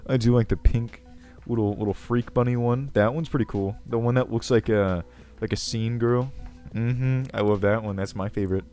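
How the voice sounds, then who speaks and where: A man's voice: mid-range voice, steady tone, moderate pace, warm tone, natural voice. A man voicing a self-important, ancient male goblin king who rambles, with a crackly voice, over faint background music. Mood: pompous. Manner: pompous, rambling, self-assured. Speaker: video host. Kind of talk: character comedy Q&A.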